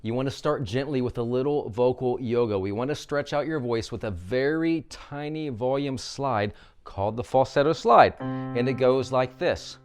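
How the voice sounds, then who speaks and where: Male vocal coach, upbeat instructional tone, mid-pitched voice, walks the listener through drills. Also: normal speed, a little mellow, clear, resonant tone, faint music behind. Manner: upbeat coaching, demonstrating exercises.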